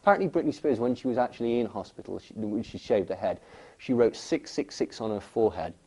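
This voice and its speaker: Male guest, low and warm, loose rambling delivery. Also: expressive, fast talker, breathy edge. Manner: rambling, with many fillers and restarts. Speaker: interview guest. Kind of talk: conversational explanation.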